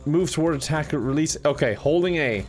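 An excitable man hosting a let's play, laughing often and mocking himself as he plays. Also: a little high, fairly quick, faint music behind. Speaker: gaming host.

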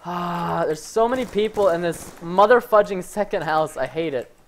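A man giving live commentary over his own gameplay, excitable and prone to yelling, with "fudge" in place of swear words. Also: high-pitched, moderate pace, a little hiss or hum. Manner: excitable, yells when hyped, says "fudge" instead of swearing. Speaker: gaming streamer.

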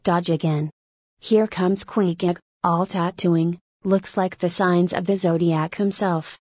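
A woman's voice: fairly low pitch, steady tone, takes it slowly, darkish tone, husky, dry recording. A woman reading the part of a jaunty male sailor who rambles wryly to himself in an audiobook. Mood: musing. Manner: wry, rambling soliloquy.

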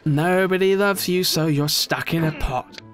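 Bright-voiced young man raging at a game. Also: measured pace, faint music behind. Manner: swings from low muttering to shouted outbursts, swearing. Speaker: gaming YouTuber. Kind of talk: raging gameplay commentary.

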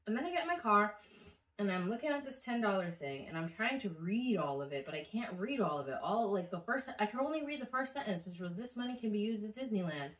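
A woman's voice: mid-range voice, quick pace, far from the mic. A woman telling a story in a casual vlog, swearing freely and acting out what each person said. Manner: animated, profane, acts out quoted voices. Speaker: vlogger recounting a dream. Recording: echoey room, somewhat off mic.

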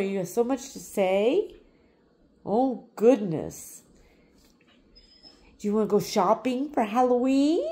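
A woman talking to her dog in sing-song baby talk, coaxing and gasping with excitement. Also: on the high side. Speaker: pet vlogger.

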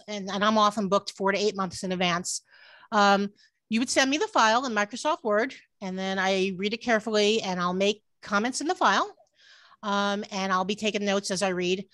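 A woman's voice: medium pitch, bright, forceful tone, no echo. Earnest woman editor on a video call. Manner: earnest, frequent restarts and "um"s. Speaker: book editor giving a talk. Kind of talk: online workshop presentation. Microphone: computer mic on a video call.

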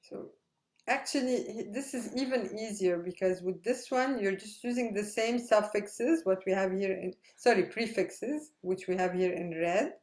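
A woman teaching a language lesson, spelling out syllables slowly and checking in with "right?". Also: mid-range voice, a little mellow. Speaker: Arabic teacher. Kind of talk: slow explanatory lesson. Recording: echoey room.

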